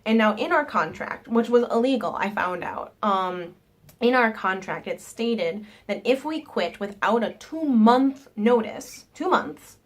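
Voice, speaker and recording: A woman's voice: fairly high pitch, measured pace. Nasal young woman telling a story. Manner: animated retelling with quoted voices. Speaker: vlogger. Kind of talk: casual storytime.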